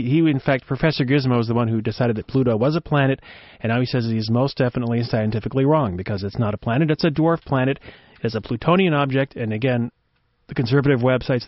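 A man's voice: mid-range voice, dry recording. A man hosting a radio show, rambling through wry, joking commentary. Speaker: radio host. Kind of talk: casual commentary. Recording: dull dry lo-fi sound.

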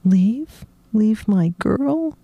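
A woman's voice: high-pitched, fairly even intonation, a little slow, dark tone, no room sound, voice pushed up. A woman voicing an eager, childlike middle-aged man who stutters and repeats his words during a book reading. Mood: pleading.

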